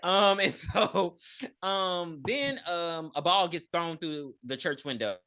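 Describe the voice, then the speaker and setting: A podcast co-host with a mid-range voice recaps a movie slowly in casual chat. He's a profane, animated storyteller, swearing plenty and acting out the characters as he tells the plot.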